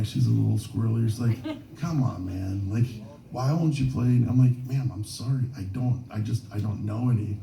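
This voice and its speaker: Gravelly-voiced man rambling on a bar stage. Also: fairly low pitch, warm tone, slight background noise. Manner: rambling, self-mocking storyteller with many restarts. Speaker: singer-songwriter performing live. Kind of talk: stage banter between songs. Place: small bar with a live stage. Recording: roomy bar room from a distance. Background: guitar.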